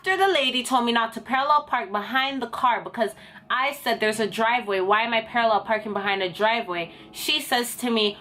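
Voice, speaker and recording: A young woman tells a storytime to camera in a fairly high, animated voice. She sounds indignant and exasperated, talking casually. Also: a little fast, faint music behind. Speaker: vlogger.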